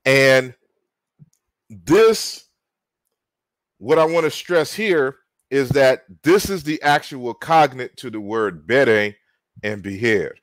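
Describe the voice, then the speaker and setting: Slow-speaking male lecturer, dry sound. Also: mid-range voice, dry recording. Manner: slow, halting, spells out words and repeats himself. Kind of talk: online lecture.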